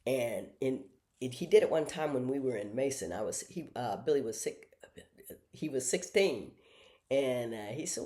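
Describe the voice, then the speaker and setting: A middle-aged woman with a strikingly deep voice tells stories from home in a casual monologue. Her pitch swings widely as she acts out the other people in them. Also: animated, normal speed, warm tone. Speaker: host.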